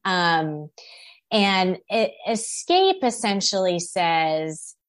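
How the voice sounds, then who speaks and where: Guest author, woman with a low voice, speaks slowly and thoughtfully, dry close sound. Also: big pitch swings, dry recording. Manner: thoughtful, measured, with fillers. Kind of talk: interview answers.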